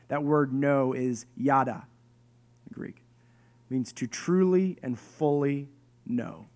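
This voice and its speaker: A pastor in his thirties or forties preaching a sermon to his church, conversational and animated, with joking asides. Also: mid-range voice, slow, long pauses. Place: church hall with congregation.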